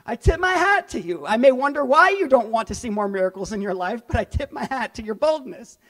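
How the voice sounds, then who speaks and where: A man with a very high voice preaches a sermon as a pastor, animated and conversational. He jumps into character voices for the people in his story. He is middle-aged and addresses the congregation directly. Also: fairly quick.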